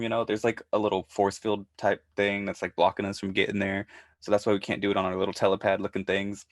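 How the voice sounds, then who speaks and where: A man's voice: on the low side, steady tone, fast talker, no echo, clean studio sound. A man co-hosting a podcast, recapping a show in casual chat and retelling scenes with quoted voices. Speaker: podcast co-host.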